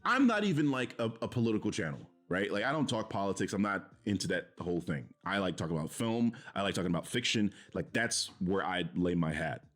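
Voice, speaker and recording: A man's voice: low-pitched, a little fast, hardly any pauses, a bit bright, faint music behind. A man streaming, reacting to a video in heated casual commentary, swearing and mocking with an exasperated tone. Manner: profane, exasperated, mocking laughs.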